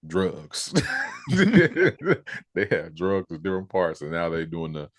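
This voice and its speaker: A man's voice: sits low, big pitch swings, slow, no echo, studio quality. A man co-hosting a casual TV recap podcast, laid-back and joking, mimicking characters. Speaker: podcast co-host.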